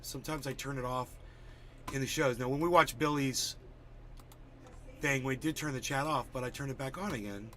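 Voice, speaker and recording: A man's voice: mid-range voice, normal speed, long pauses, sharp tone, slight background noise. A man hosting a casual livestream, chatty and a bit distracted as he greets viewers by name while fixing his settings. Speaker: livestream host.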